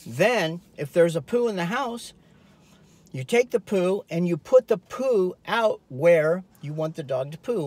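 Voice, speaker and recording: A man, a dog trainer, talking casually from a car, animated and rambling as he explains. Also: high-pitched. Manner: animated, rambling, acts out scenes. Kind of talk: casual talking-head vlog advice. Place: inside a car.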